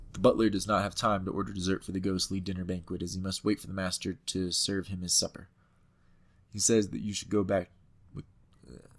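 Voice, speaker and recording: A man's voice: fairly low pitch, a bit bright. A man playing a computer game, reading its text aloud and commenting on it in a playful, hammed-up way. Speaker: let's-play host.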